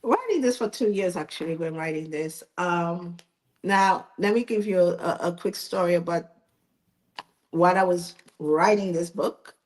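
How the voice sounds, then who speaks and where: A woman's voice: fairly low pitch, unhurried, a little mellow. A middle-aged woman, an author, telling a personal story in an interview, emotional and laughing, repeating herself as she talks. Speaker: author and magazine editor.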